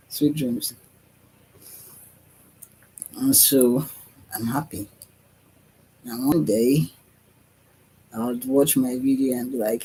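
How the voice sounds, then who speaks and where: Speaking slowly and pausing often, a man with a medium-pitched, mellow, husky voice and fairly even intonation rambles to camera in a spiritual self-talk vlog. He is dreamy and repetitive, sighing and yawning, and the recording is rough.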